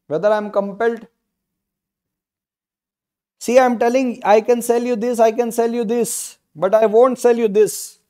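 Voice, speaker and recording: An Indian English man delivering a law lesson with a very high-pitched voice. He hammers points home by repeating phrases and throwing rhetorical questions at his students. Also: mellow. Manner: repetitive, emphatic, rhetorical questions. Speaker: law tutor. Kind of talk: online lecture.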